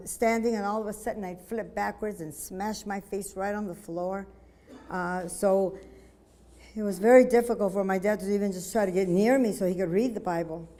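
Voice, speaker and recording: A woman giving a personal testimony at a church conference, telling her story earnestly with many halting restarts. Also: mid-range voice, dark tone.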